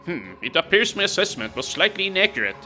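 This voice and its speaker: A man's voice: high-pitched, sing-song, fast talker, bright, forceful tone, soft background music, pitched above the performer's own voice, heavily acted. A man reading out a haughty enemy male commander's lines from a game, in a formal, questioning manner.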